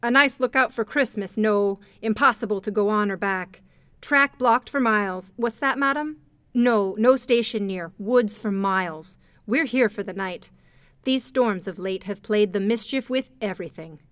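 A woman's voice: mid-range voice, moderate pace, fairly bright tone, no room sound, clean studio sound, natural voice. A woman reading a storybook, voicing a curt male train conductor in short clipped phrases. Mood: brusque.

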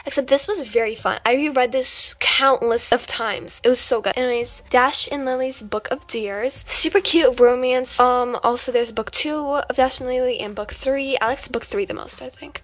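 A teenage girl with a high, youthful voice chats through a casual bookshelf tour. She talks loosely, with plenty of "like" fillers. Her voice is recorded on a phone. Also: moderate pace, hardly any pauses. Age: teens. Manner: chatty, lots of "like" fillers. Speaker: book vlogger.

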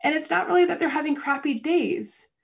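A woman coach giving a motivational talk, telling an everyday story with lively, acted-out annoyed inner voices. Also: sits high, fairly quick, gravelly. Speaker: coach hosting a show.

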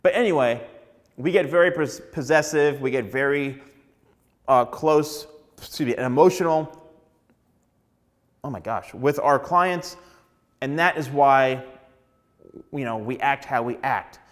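A man's voice: medium pitch, unhurried, pauses often. A man who works as a hairstylist, giving casual, chatty advice to the camera and acting out little dialogues along the way.

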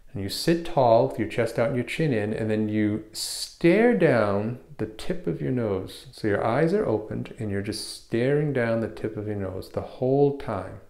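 A man teaching a guided meditation, explaining hand positions and breathing slowly, step by step. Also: medium pitch, roomy sound. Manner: calm, step-by-step explaining with restarts. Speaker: meditation instructor.

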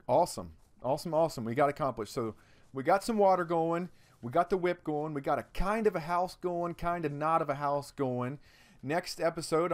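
Guy goofing around while he plays a video game, chatty, talks to himself. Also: medium pitch. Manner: playful, jokey, talks to himself while playing, volume swinging from loud to muttered. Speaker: gaming channel host. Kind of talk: let's-play gameplay commentary.

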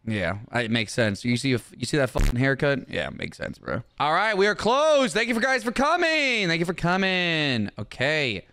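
A man's voice: a little high, very animated, normal speed, few pauses, pushed and bright, clear, resonant tone. A young man giving comedic gameplay commentary, trash-talking game customers in mock anger. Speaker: gaming YouTuber.

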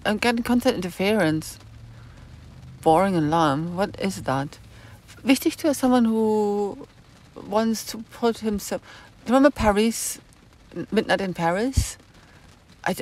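Frau, plaudernd und grübelnd im Livestream. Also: female voice, medium pitch, darkish tone. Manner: rambling and musing, searching for words. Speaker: live-stream host. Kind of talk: casual live-stream monologue answering chat.

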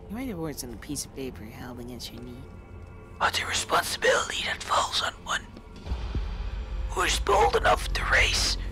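Streamer reading a story game out loud, chill and casual, a little music underneath. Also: mid-range voice. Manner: casual, reads game text aloud and reacts. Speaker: let's play streamer. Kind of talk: game playthrough with reading aloud.

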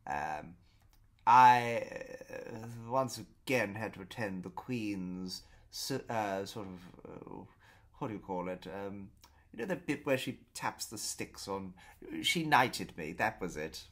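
A man voicing a posh, upper-class English gentleman who talks in a halting, self-deprecating way with a posh English accent. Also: lowish voice, expressive. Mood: pompous, chatty.

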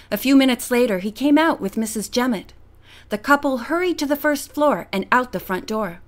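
A woman reading a mystery audiobook aloud in an expressive manner. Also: on the high side. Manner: expressive, character voices. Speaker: audiobook narrator.

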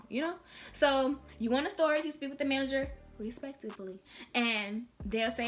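A woman's voice: a little high, brisk, a bit bright, soft background music. A young woman giving casual advice in a chatty vlog, speaking in slang and acting out little dialogues. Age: young adult. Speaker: vlogger.

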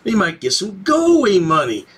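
A man's voice: high-pitched, huge pitch swings, normal speed, fairly bright tone, husky. A man hosting a commentary channel, mocking the people in the clip in a sarcastic, sing-song way. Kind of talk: sarcastic commentary over video.

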